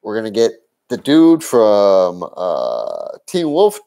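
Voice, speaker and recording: A man's voice: on the low side, wildly swooping pitch, takes it slowly, dark tone. A man co-hosting a casual TV recap show, riffing on playful what-if jokes. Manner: joking, spinning playful what-if bits. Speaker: co-host.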